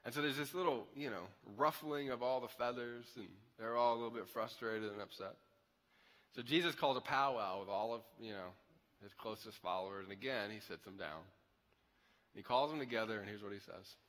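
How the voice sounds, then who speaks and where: A man preaching a sermon as pastor, conversational and animated, with chatty asides. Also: mid-range voice, a little fast. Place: church auditorium. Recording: echoey hall.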